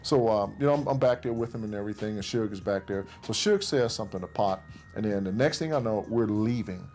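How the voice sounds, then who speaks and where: A man with a fairly low voice tells a story in a loose, conversational way. He slips into the present tense and acts out what others said. A clear music bed plays under his words. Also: fast, darkish tone. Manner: recounts events in present tense, voicing others' lines. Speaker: interviewee recounting events. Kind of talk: casual storytelling.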